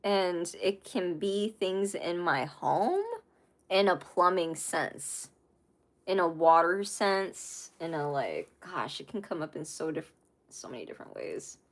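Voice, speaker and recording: A woman's voice: lowish voice, lively intonation, slow pace. Chatty woman giving a tarot reading. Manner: rambling, chatty, many fillers and asides. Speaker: tarot reader. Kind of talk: casual tarot reading monologue.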